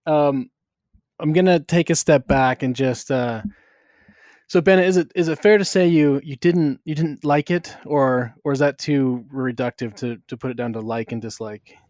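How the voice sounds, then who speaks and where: Halting man in a dry room. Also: medium pitch, a little mellow, no room sound. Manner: conversational, halting, many restarts. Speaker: podcast host. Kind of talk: casual film discussion.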